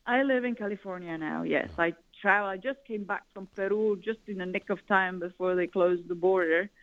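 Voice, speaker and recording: A woman's voice: medium pitch, a little fast. A woman from Italy, a guest advising governments, talking in a rambling way with many "you know" fillers. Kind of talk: conversational interview. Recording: tinny phone-like line.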